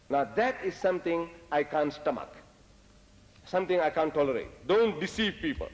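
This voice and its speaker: An older man giving a religious lecture, telling lively, humorous stories and dropping Arabic phrases. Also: fairly high pitch, moderate pace, lo-fi sound. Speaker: Islamic lecturer. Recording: echoey lecture hall.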